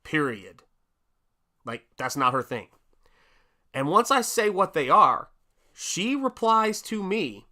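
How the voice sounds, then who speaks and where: A middle-aged man telling a story on his live stream, slow and deliberate in his delivery. His voice sits a little high and has a bright, forward edge. He hammers points home by repeating them. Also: sing-song. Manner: emphatic, repeats words for stress. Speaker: livestream host.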